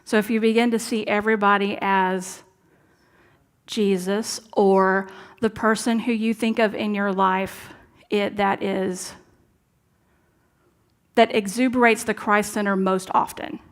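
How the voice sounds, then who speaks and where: A woman's voice: mid-range voice, little pitch movement, a little slow, clean tone. Earnest woman preaching conversationally. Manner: conversational, earnest, drops to soft asides. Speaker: minister. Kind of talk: sermon. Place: church sanctuary.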